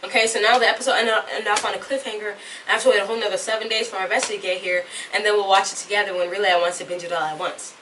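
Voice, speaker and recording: A young vlogger puts on a Southern US drawl as she chats to the camera at home in a rambling, talkative way. Her voice is medium-pitched and fairly even in intonation, and she talks in rapid-fire bursts. The camera mic sits at a distance, picking up faint room noise.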